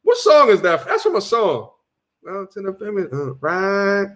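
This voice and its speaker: A young man hosting a casual livestream, reading viewer chat aloud with slangy shout-outs and repeating his points. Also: high voice, huge pitch swings, normal speed. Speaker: livestream host.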